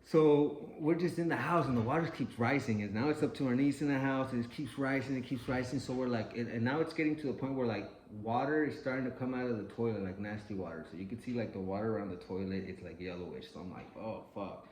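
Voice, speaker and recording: A man's voice: mid-range voice, fast talker, hardly any pauses. Profane man telling a story in an echoey room. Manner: animated, profane, acts out quoted voices. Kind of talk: casual storytelling. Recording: echoey room with faint ambient noise.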